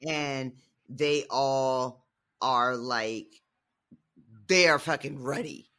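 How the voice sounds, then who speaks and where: A man's voice: mid-range voice, drawn-out words, sharp tone, clean tone. A man co-hosting a book podcast, musing casually and laughing easily. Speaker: podcast co-host.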